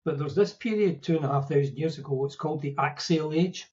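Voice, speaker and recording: A man's voice: a little high, fast talker, a little mellow, muffled recording. A man with a Scottish accent, explaining ideas in a conversational, storytelling way with quips and asides. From Scotland. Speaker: podcast guest explaining Buddhist ideas. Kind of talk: casual explanatory talk.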